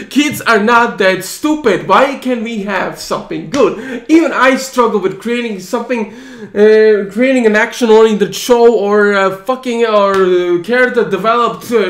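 A man's voice: extremely high pitch, a bit bright, echoey room. A man ranting in an exasperated, profane monologue, rambling and restarting his sentences. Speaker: channel host.

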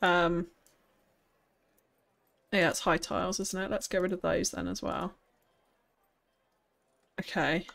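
A woman's voice: fairly low pitch, level tone, unhurried, creaky, long pauses, a bit bright. A woman streaming a city-building game, chatting casually and thinking aloud, with frequent laughs. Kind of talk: casual live-stream commentary while building.

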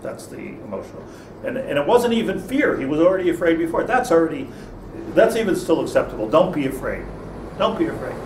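A man's voice: fairly high pitch, big pitch swings, fairly quick, a little mellow. A man, a rabbi, teaching an informal Torah class in a conversational way, with many restarts and Hebrew terms. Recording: echoey room, speaker far from mic, faint noise.

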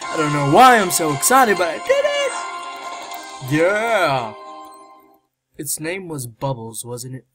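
A man giving gameplay commentary, excitable, shouting and squealing in reaction to the game. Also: a little high, slow pace, pauses often, poor audio. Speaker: let's play gamer. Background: game music.

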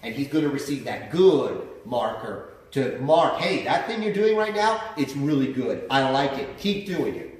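A man's voice: medium pitch, animated, a little slow, a little mellow. A man explaining dog training as a trainer, in a plain, explanatory way with some fillers. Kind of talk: instructional explanation. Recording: very echoey, from far off the mic.

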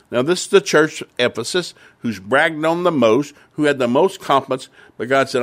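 A man's voice: mid-range voice, animated, normal speed, fairly bright tone. A man preaching and retelling Bible stories for families, emphatic and repeating phrases for stress.

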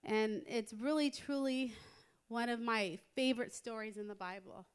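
A middle-aged American woman preaching a sermon in a church, telling stories in a lively way and building to emphatic exhortation. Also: on the high side, normal speed, smooth, soft background music. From United States. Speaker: women's conference speaker. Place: church sanctuary.

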